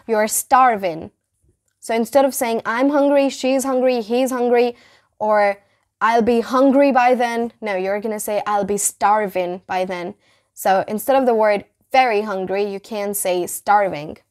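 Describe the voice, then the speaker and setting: A young woman giving a casual English vocabulary lesson to camera, chatty, repeating key phrases slowly for emphasis. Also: on the high side. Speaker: English teacher.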